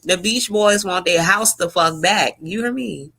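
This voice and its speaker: A woman chats through a casual commentary vlog in a bright, forceful voice. She is loud and profane, talks straight to her viewers as y'all, and keeps breaking into high shrieking laughter. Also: a little slow. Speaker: YouTube commentary vlogger.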